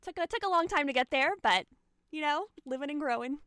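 A woman's voice: high-pitched, expressive, brisk, a bit bright, no room sound, voice pushed up. A woman voicing a bubbly, overly cheerful young woman in a tabletop role-play, chirpy and sing-song.

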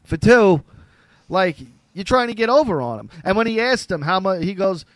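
A man's voice: high voice, normal speed, no room sound. A man in casual chat, bluntly telling stories and swearing a lot. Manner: blunt, profane, animated storytelling.

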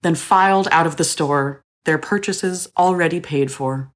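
Female narrator for audio fiction, low register, steady expressive reading. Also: unhurried. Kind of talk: scripted story narration.

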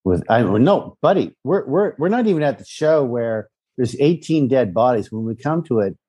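Guy rewatching his old show, lively swearing, husky and mellow tone. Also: medium pitch, normal speed. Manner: profane, animated, jokey. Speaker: podcast co-host, former cast member. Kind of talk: casual chat.

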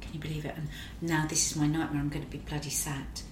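A woman's voice: deep voice, quick pace, a little hiss or hum. Brief: woman, middle-aged, chatty anecdotal guest, room echo. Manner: lively, animated, swears casually. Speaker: actress guest. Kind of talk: casual anecdotal storytelling. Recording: roomy echo.

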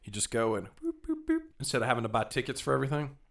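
A man's voice: medium pitch, wildly swooping pitch, very fast, vocal fry. A young man with a rambling, casual way of telling travel stories, restarting his sentences and cursing now and then. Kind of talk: casual storytelling chat.

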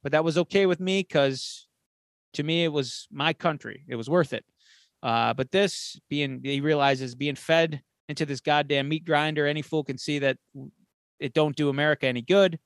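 A man's voice: fairly high pitch, moderate pace, dry recording, clean studio sound. A man co-hosting a podcast, casually retelling a film's plot and acting out the characters' lines with plenty of swearing. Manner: animated storyteller acting out quotes with swearing. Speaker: podcast co-host.

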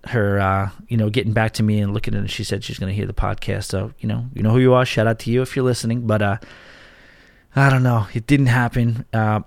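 Man, casual podcast host, low voice, rambling and chatty, dry home studio sound. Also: flat delivery, quick pace, vocal fry, no echo. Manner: rambling, chatty, self-deprecating storytelling. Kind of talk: casual solo podcast chat. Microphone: studio mic.

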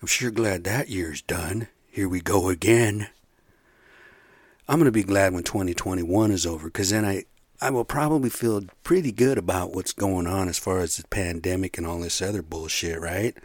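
A man's voice: low voice, normal speed, no room sound. A man hosting a solo podcast, ranting in a profane, rambling, heated way from his bedroom. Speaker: podcast host.

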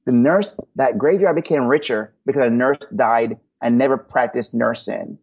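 A man speaks in an earnest, almost preacherly way as a podcast guest, telling personal stories. His voice is husky. The audio is muffled and lo-fi. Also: medium pitch, normal speed, darkish tone. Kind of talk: podcast interview answers.

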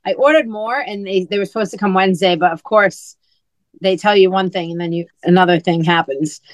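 A woman who co-hosts a podcast and writes books chats casually in a medium-pitched voice, a little fast, on a dry recording. She's a chatty storyteller who acts out what other people said.

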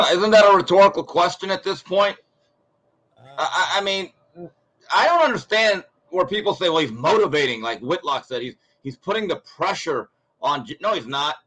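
A man talking sports in a blunt, ranting way. His voice sits a little on the high side, and he acts out other people's quotes as he goes. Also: expressive, moderate pace, fairly bright tone, breathy edge, low-quality recording. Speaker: guest commentator. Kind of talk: opinionated sports talk.

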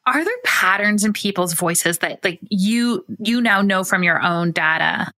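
A woman host with a bright, tense-edged voice in the middle pitch range asks curious questions. Her questions meander through fillers and restarts as she thinks aloud, the way a clinician would in a relaxed interview. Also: unhurried, dry recording. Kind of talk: conversational interview.

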